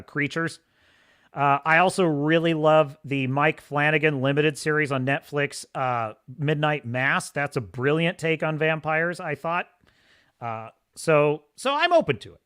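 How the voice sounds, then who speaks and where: Man, livestream host, casual chat, bright voice, higher pitch, laughs often. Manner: enthusiastic, rambling, laughs often. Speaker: podcast host.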